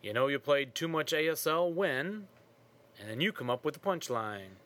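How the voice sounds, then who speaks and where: A man hosting a podcast in casual chat, with relaxed, teasing banter. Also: a little high, moderate pace. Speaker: podcast host.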